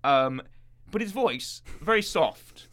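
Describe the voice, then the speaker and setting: A man's voice: a little high, slow, a little hiss or hum. A man co-hosting a podcast, chatting casually and animatedly through a wrestling recap. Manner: animated, puts on voices when quoting wrestlers. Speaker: podcast co-host.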